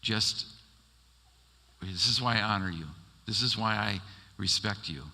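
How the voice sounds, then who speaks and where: A pastor with a lowish, bright, forceful voice preaches unhurriedly in a church sanctuary, where long hall reverb fills the recording. He tells stories animatedly and acts out the people he quotes.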